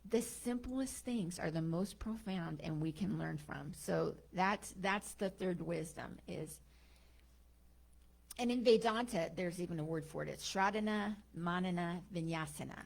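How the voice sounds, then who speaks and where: A woman's voice: fairly low pitch, unhurried, vocal fry. Casual woman telling a parable. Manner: casual, improvised, many fillers. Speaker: guest speaker at a spiritual service. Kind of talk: storytelling talk.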